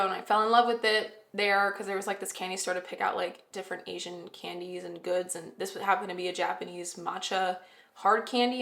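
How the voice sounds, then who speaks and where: A woman giving a casual, rambling tarot reading, often pausing to correct herself. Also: mid-range voice, fairly bright tone. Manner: chatty, rambling, self-correcting, with fillers. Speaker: tarot reader. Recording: roomy echo.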